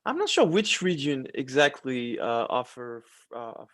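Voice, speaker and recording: French guy hosting a livestream, halting and full of uhs and ums. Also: medium pitch, sing-song, fairly bright tone. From France. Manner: hesitant, many fillers. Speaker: host of a French learning community. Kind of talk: casual chat.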